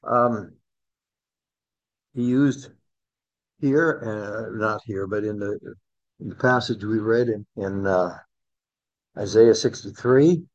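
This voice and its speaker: A man's voice: takes it slowly, long pauses. Man teaching a Bible class, dull recording. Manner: conversational, asks the class questions, rises in pitch for emphasis.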